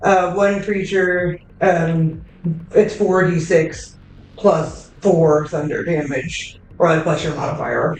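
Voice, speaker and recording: Lady game master, kinda low voice, talks slow, swears a lot, sounds far off in an echoey room. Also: steady tone, darkish tone, a little hiss or hum. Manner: casual, lots of fillers, swears freely. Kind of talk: narrating a tabletop game.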